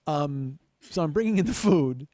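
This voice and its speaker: A man's voice: on the high side, expressive, moderate pace, warm tone, no room sound. A man in his forties hosting a podcast, telling a long comic story with profane, self-deprecating asides. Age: 40s. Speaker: podcast host. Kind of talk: comedic storytelling monologue.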